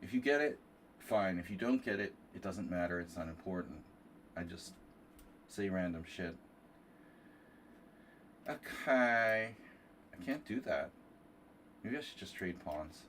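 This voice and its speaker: A man's voice: deep voice, animated, a little slow, pauses often, fairly bright tone, recorded from a distance, slight background noise. A man with a nasal voice hosting a casual chess livestream, rambling and joking with his chat between moves. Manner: rambling, self-deprecating asides to chat. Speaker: chess streamer hosting a tournament. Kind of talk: casual livestream commentary while playing.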